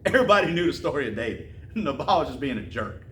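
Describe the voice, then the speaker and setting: A man's voice: mid-range voice, big pitch swings, fast, fairly bright tone. A man preaching a sermon, reading scripture aloud and then retelling it in casual slang with bursts of laughter. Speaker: pastor. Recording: roomy echo, mic at a distance, faint ambience.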